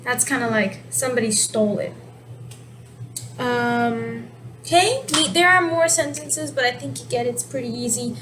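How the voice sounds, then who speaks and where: Woman teacher, high voice, casual explainer, steady noise behind her. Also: moderate pace. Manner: explanatory, relaxed, self-correcting. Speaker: sign language teacher. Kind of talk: casual video lesson.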